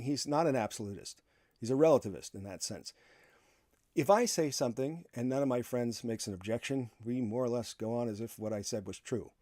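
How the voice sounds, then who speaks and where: A man's voice: medium pitch, dark tone, no room sound, studio quality. A man giving a philosophy class lecture, talking casually, acting out quotes in other voices and chuckling often.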